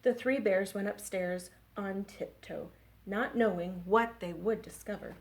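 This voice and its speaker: Woman librarian hosting story time, gentle and expressive, medium pitch. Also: unhurried. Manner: gentle, expressive, engaging kids. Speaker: children's librarian. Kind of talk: children's story time reading.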